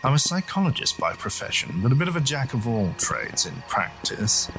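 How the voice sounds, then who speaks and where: A man's voice: mid-range voice, sing-song, normal speed, fairly bright tone, soft background music. A man putting on a crackly old professor. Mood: smooth, beckoning. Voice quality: crackly, popping voice. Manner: polished, radio-like speaker's voice with a slight accent. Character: eerie courteous old male professor.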